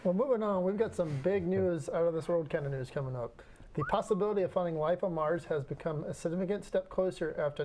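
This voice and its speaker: A man's voice: fairly high pitch, a little mellow. A young man co-hosting a podcast, presenting science news eagerly and stumbling a little when off script. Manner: eager, slightly halting when unscripted. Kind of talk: casual news chat.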